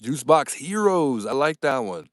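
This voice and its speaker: A young man hosting a casual livestream, upbeat and animated as he reads viewer comments and thanks his audience. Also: medium pitch, a little slow, no room sound, studio quality. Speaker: livestream host.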